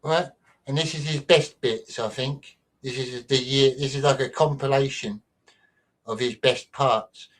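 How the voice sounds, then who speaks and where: A man hosts a show in an easy, mid-pitched voice, his Mancunian accent worn down by years in London. He rambles, repeats phrases and drops chatty asides to his audience. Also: fairly even intonation, measured pace. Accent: mild Mancunian, softened by London. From near Manchester, England. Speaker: show host. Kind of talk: casual chat.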